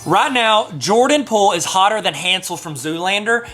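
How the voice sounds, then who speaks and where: A man in his thirties hosting a sports card video, talking fast and excited with jokey asides. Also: sits high, music in the background. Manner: hyped, jokey, apologetic asides. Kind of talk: excited casual vlog talk.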